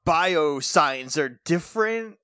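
A man's voice: on the high side, lively intonation, slow, pushed and bright, clean tone, dry recording, studio quality. A man co-hosting a podcast who laughs often and chimes in with short quips during a movie recap. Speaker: podcast co-host. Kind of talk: casual movie recap chat.

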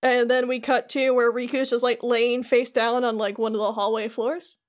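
A woman's voice: fairly high pitch, normal speed. A young woman co-hosting a podcast, chattily recapping a video game with lots of fillers. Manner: animated, chatty, full of "like". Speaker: podcast co-host. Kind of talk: casual chat, recapping a game.

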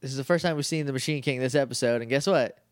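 A man co-hosting a podcast, recapping an episode in a casual, jokey way and dropping quick put-on lines for the characters. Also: mid-range voice, no room sound, clean studio sound. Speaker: podcast co-host.

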